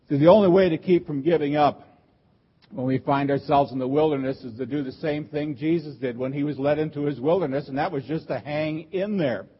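Male pastor, husky, slightly high voice, emphatic sermon delivery, dull lo-fi recording. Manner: earnest, emphatic preaching with repeated rhetorical questions.

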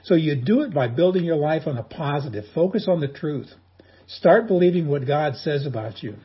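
Delivering his sermon at a moderate pace, this pastor is animated, folksy, and full of jokes and stories. His voice sits a little high with a deep husky roughness, and the audio is dull and lo-fi.

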